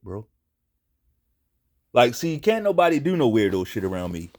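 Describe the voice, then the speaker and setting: A man's voice: fairly low pitch, big pitch swings, unhurried, pauses often. A man hosting a casual commentary show, speaking bluntly and profanely and repeating himself for emphasis. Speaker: commentary channel host.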